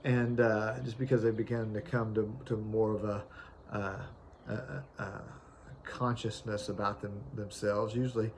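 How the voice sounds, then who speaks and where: A man's voice: lowish voice, flat delivery, unhurried, a little hiss or hum. A man preaching an informal sermon, reading scripture aloud with frequent fillers and restarts.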